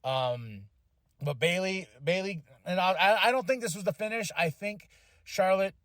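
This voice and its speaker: Excitable man recapping wrestling, dry close mic. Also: high voice, normal speed, dry recording. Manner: excitable, profane, acts out quotes. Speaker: podcast host.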